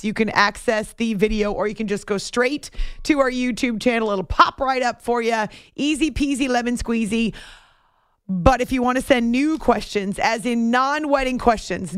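Woman, sports radio host, higher voice, dry studio mic, playful, teasing, sleep-deprived. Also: clear, resonant tone, no echo. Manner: playful, laughs often, teasing. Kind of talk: late-night radio chat.

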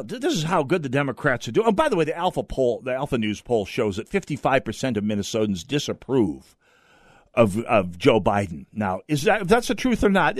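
A man's voice: medium pitch, no echo, studio quality. Sardonic male talk radio host. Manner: sardonic, wordy, many fillers and restarts. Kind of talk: opinionated talk radio commentary.

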